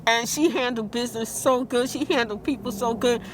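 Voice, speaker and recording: Woman vlogger, high voice, upset and rambling rant. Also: steady tone, a little fast, a little hiss or hum. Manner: upset, rambling, repeats herself; outbursts of disbelief. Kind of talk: emotional vlog rant.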